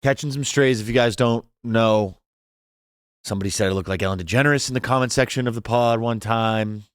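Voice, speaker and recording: A young man co-hosting a casual podcast, telling stories and jumping into high voices to mimic others. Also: steady tone, a little fast, smooth, no echo, clean studio sound. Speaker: podcast co-host. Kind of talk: casual chat, storytelling.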